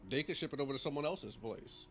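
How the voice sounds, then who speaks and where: A man co-hosting a gaming stream, casually pushing back in quick counterpoints. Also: medium pitch. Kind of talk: casual chat over gameplay. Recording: noisy background with clicks. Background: noise and clicks.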